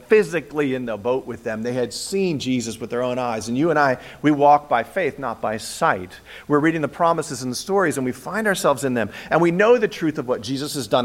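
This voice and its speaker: A man preaching a sermon, telling the story with animated retellings and acted-out voices. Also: fairly high pitch. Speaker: pastor.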